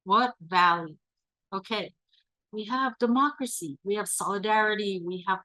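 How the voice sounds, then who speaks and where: A woman presenting an online workshop, leading a calm guided visualization and reading audience answers aloud. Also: mid-range voice, normal speed, dry recording, low-quality recording. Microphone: video call.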